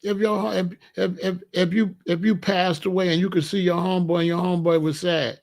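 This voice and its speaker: A middle-aged man talking casually and giving life advice, animated and conversational, with frequent restarts. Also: high-pitched, fairly quick, gravelly. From Chicago area. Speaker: vegan lifestyle host.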